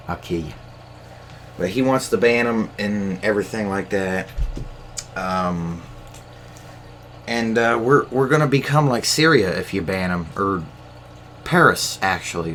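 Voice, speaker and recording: Low-voiced man on a profane rant. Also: a bit bright, slight background noise. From United States. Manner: profane, ranting, rambling with many fillers and restarts. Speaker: podcast host. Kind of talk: casual solo rant.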